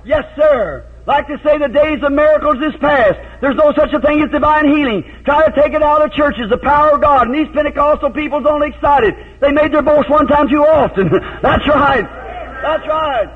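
A man preaching a revival sermon in a folksy storytelling way, breaking into shouted hallelujahs. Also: extremely high pitch, moderate pace. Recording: tinny phone-like old tape.

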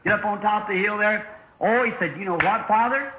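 A man's voice: sits high, fairly quick, slight background noise. A man preaching a sermon in a church, telling a folksy story and acting out its dialogue in shifting voices. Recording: echoey dull old sermon tape.

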